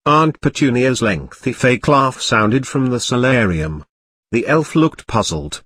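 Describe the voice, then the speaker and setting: Man narrating an animated comic audiobook. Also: medium pitch, measured pace, slightly rough.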